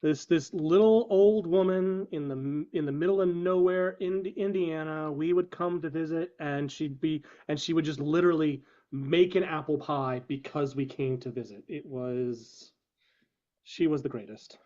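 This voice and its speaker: A man reminiscing fondly in casual chat with the group, halting and thoughtful. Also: on the high side, steady tone, mellow. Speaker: player. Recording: muffled lo-fi audio.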